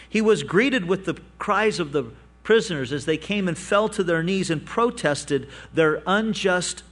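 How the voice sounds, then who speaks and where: A male pastor delivering a sermon, animated in his storytelling, rising for emphasis and dropping to quiet asides. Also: fairly high pitch.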